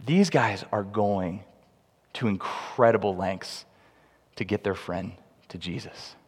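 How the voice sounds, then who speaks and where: A man preaching a sermon with humorous, animated storytelling, recorded in a large hall with long reverb. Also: fairly low pitch, slow, slightly rough. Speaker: pastor.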